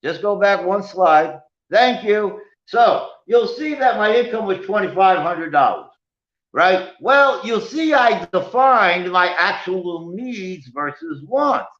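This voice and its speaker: New finance lecturer, male, higher voice, addresses the room constantly, lo-fi roomy sound. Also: slow. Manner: animated, keeps addressing "ladies and gentlemen" and asking "right?". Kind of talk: lecture with slides. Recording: echoey room, dull lo-fi sound.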